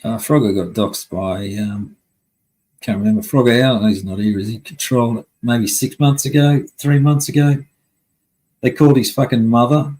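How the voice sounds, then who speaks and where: Male streamer, husky, blunt and profane, venting to chat. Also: medium pitch, fairly even intonation, moderate pace, darkish tone, low-quality recording. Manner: heavy swearing, angry and blunt. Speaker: live stream host. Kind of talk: casual live-stream rant.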